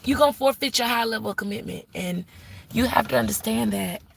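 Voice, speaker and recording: A woman's voice: fairly high pitch, brisk, creaky, slight background noise. A woman giving a live-stream tarot reading, sassy and blunt, cursing freely and scolding the viewer like an auntie. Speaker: tarot reader.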